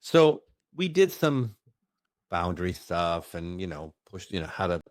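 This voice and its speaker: A man who works as a medium, telling a personal story in an expressive, emphatic way during a conversation. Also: low-pitched, no echo, studio quality. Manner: expressive, emphatic, with bursts of fast speech. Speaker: medium recounting his experiences.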